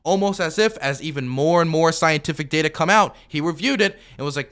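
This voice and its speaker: Brief: male streamer with a bright, slightly high voice, rebutting a video in a loose, argumentative way. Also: brisk, hardly any pauses, smooth. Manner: argumentative, rebutting with repeated objections; loose, full of fillers and restarts. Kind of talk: commentary.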